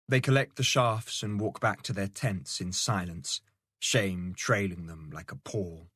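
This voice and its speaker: A man narrating a novel aloud in a steady, measured storytelling manner. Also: low voice, breathy edge, dry recording, clean studio sound. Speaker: audiobook narrator. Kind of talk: scripted narration.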